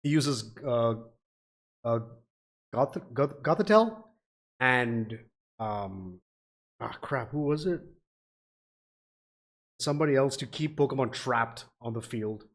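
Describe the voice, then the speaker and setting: A man's voice: medium pitch, expressive, takes it slowly, pauses often. Rambling casual man reacting to a video. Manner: rambling, swears casually, frequent fillers.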